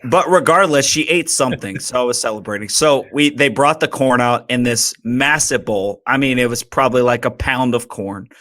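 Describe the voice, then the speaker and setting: Lively self-mocking male storyteller. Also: medium pitch, moderate pace, few pauses. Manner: animated, self-mocking storyteller who laughs often. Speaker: podcast co-host. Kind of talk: casual storytelling chat.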